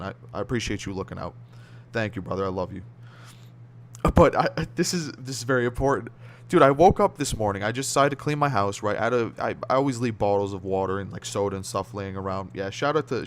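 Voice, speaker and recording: Rambling, slangy American guy streaming. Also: mid-range voice. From United States. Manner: rambling, slangy, laughs often, trails off mid-word. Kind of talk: casual livestream chat reading viewer comments.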